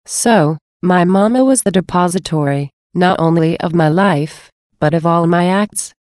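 The tender, sorrowful newborn Christ child, as a woman reading aloud voices him. The voice sits low and mellow, gentle and solemn. The sound is close and dry. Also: unhurried, no room sound, natural voice.

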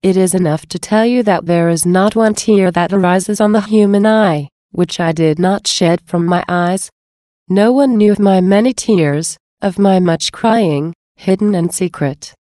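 A woman's voice: medium pitch, measured pace, warm tone, no echo, clean studio sound, close to an everyday voice. A woman reading Jesus, tender and sorrowful. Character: tender sorrowful adult man, Jesus speaking. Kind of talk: devotional reading.

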